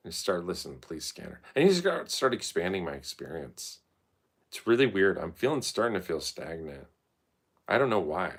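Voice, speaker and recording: A man's voice: low voice, gravelly. A man telling rambling, profane, stream-of-consciousness stories in a casual monologue.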